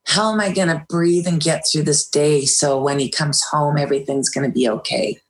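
A woman's voice: deep voice, steady tone, moderate pace. A middle-aged woman, a guest in an interview, recounting a hard time candidly and with feeling, with some hesitant restarts. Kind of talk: personal storytelling in an interview.

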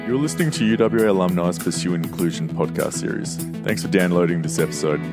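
A man reading a scripted promo announcement in a smooth, polished way. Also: low voice, quick pace. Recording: guitar music underneath.

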